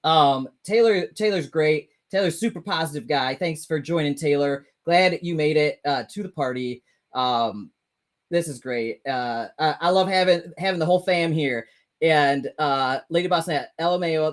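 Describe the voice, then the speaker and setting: A man with a slightly high voice and fairly bright tone hosts a casual livestream, reading comments and chatting loosely with viewers. He rambles, stumbles over words, corrects himself and swears freely. The audio quality is poor.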